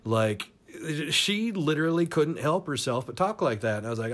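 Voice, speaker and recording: A man's voice: a little high, very animated, moderate pace, fairly bright tone. Rambling, foul-mouthed male storyteller. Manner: rambling, profane, laughs through his stories. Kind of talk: casual crude storytelling.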